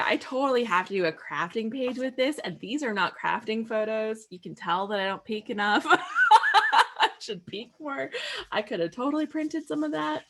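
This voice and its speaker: A woman's voice: fairly high pitch, a bit bright. A woman hosting a casual scrapbooking livestream, chatty and bubbly, laughing often and filling with "like.". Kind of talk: casual craft livestream chat.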